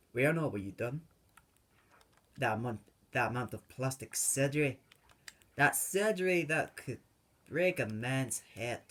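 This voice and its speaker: A young man hosting a gaming video, rambling off on tangents with many fillers. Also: mid-range voice. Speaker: gaming channel host. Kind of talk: rambling let's-play commentary.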